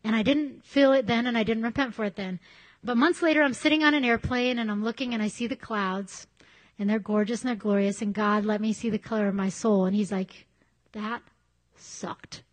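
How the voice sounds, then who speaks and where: A woman's voice: on the high side, fairly quick. A woman preaching a sermon in a conversational, candid way, telling personal stories. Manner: conversational, candid, animated storytelling.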